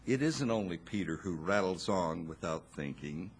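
A man preaching a sermon, slow and expressive, with dramatic pauses and wry asides to his listeners. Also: low voice, slight background noise.

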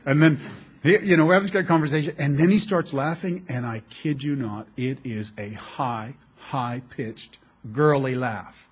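A middle-aged man preaching a sermon as a pastor, telling animated, jokey stories with frequent restarts. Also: mid-range voice, moderate pace, breathy edge.

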